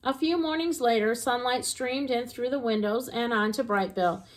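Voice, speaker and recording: A woman narrating a children's storybook aloud in an expressive, gentle reading voice. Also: a little high, moderate pace.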